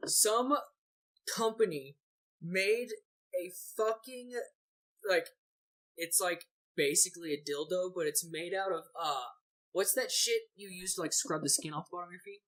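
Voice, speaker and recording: A man's voice: high-pitched, a little slow, rough recording. A young man in a casual group chat, telling loose, profane stories. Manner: loose, profane, animated storyteller. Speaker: podcast co-host.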